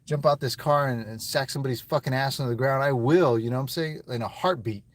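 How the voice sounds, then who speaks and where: A man speaking into his phone on a live stream, rambling, raw and emotional, with frequent swearing. His voice sits at an ordinary middle pitch. It sounds like he is talking from inside a car. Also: fast, no echo. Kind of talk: casual live-stream talk to viewers.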